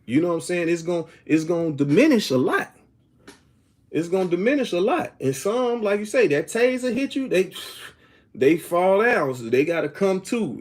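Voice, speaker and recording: A man's voice: on the high side, animated, moderate pace, darkish tone. A middle-aged man talking casually to his viewers, rambling and often asking "you know what I'm saying", now and then reading comments aloud. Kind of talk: casual opinion talk to viewers.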